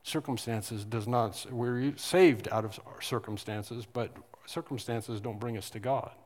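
A man's voice: mid-range voice, unhurried, darkish tone, big-room sound. A man preaching a sermon earnestly, building to emphatic stresses and often restarting his sentences. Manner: earnest, rises to emphatic stress on key words, with frequent restarts.

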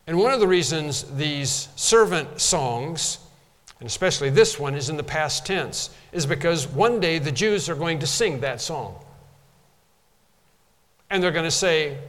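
A man preaching a sermon with a slightly high voice that echoes through a large hall. He teaches from scripture in an emphatic way, lifting his voice on the words he stresses. The long reverb makes him sound as if he is heard from the pews. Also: lively intonation, a little slow, a bit bright. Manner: emphatic preaching, rising to stress key phrases. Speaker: pastor.

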